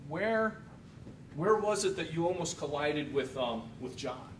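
A man's voice: lively intonation, measured pace. Man cross-examining in an echoey courtroom. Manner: probing, leading questions with frequent tag checks. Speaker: defense attorney. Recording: echoey room from far off, faint rumble.

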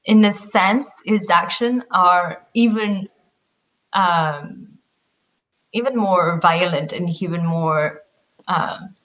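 A woman guest in a casual book discussion speaks slowly and thoughtfully in a somewhat low voice. She pauses now and then to find her words. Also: fairly bright tone, low-quality recording.

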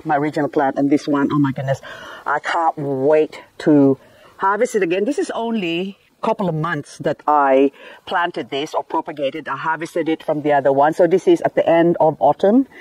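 Talking informally to camera, a woman who vlogs about gardening covers her succulents and her marriage, breaking into laughter partway through sentences. She has a deep, darkish voice, captured without any echo.

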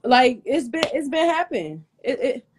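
A woman's voice: high voice, very animated, moderate pace, background noise. Furious woman ranting on a live stream. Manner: angry, profane, confrontational. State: hot and sweating. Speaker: livestream host. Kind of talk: heated livestream rant.

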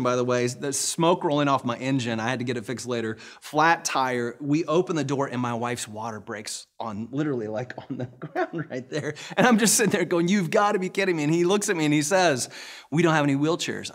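A middle-aged man, a pastor, telling a story in a sermon with animated delivery and bursts of laughter. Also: fairly high pitch.

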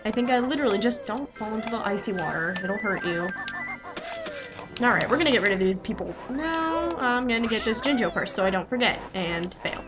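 A young adult woman giving chatty, excitable gameplay commentary and talking back to the game characters. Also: on the high side, fairly quick, rough recording. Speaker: let's play gamer. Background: game music.

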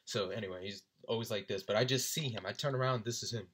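A young man with a bright, forceful voice tells a story straight to the camera. He is animated and laughs often, and his voice lifts high whenever he imitates his friends. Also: fast, husky. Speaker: vlogger recounting a concert. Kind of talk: casual storytelling.

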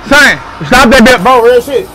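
A frightened young man shouting and pleading over and over on an outdoor ride, vlogging in a panic. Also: very high voice, moderate pace, over music, a crowd in the background, rough recording. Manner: pleading, repeating himself in panic. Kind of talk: casual vlog.

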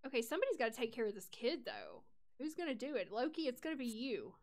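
Chatty high-voiced woman streamer. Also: huge pitch swings, quick pace, a little mellow. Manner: chatty, talks to viewers and game characters. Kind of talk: casual chat while playing a life-sim game on a live stream.

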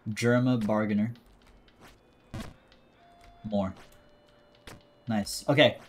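A man's voice: on the low side, steady tone, drawn-out words, a little hiss or hum. A man streaming a video game, chatting casually to himself and his viewers in a jokey way. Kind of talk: casual gameplay commentary.

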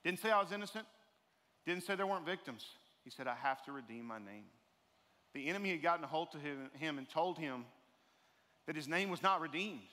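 Bright, high-voiced preacher in a hall. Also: male voice, fairly quick. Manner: earnest, builds to emphatic preaching. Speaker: guest speaker. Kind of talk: sermon. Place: church sanctuary. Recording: reverberant hall.

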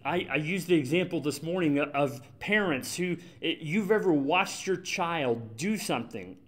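A man's voice: fairly high pitch, animated, normal speed, a bit bright. A man preaching a sermon as pastor in a church, conversational and emphatic, repeating his key points. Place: church sanctuary.

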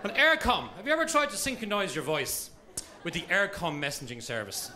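An Irish stand-up comedian works the room in a chatty, mock-exasperated way. His voice sits high for a man. A comedy club audience is clearly heard behind him. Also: wildly swooping pitch, a little fast, sharp tone, a faint crowd. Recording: live club with audience noise.

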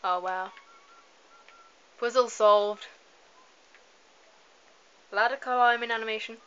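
Woman let's-player, rambly and apologetic, crisp bright tone, lo-fi home recording. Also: on the high side, steady tone, slow. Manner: chatty, rambling, apologetic asides. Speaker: gameplay commentator. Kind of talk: casual let's-play commentary. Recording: slightly dull lo-fi home mic with faint hiss.

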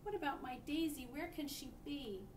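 A woman voicing a worried, kind farm woman searching for her lost hen in a storybook reading, with anxious, high-pitched calls. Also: animated, normal speed, a little mellow. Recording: echoey room, distant mic, faint rumble.

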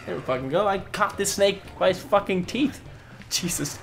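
A young man casually commentating a co-op platform game, excitable, cursing often and bursting into loud laughter. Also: sits high, normal speed, gravelly, soft background music. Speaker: gaming video host. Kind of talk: casual let's-play commentary.

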